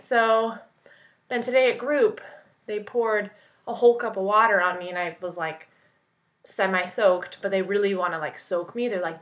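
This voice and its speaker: A young woman vlogging, telling a story in an excited, rambling way full of "like". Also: medium pitch, normal speed. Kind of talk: casual storytelling vlog. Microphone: point-and-shoot camera mic. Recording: dull lo-fi camera audio.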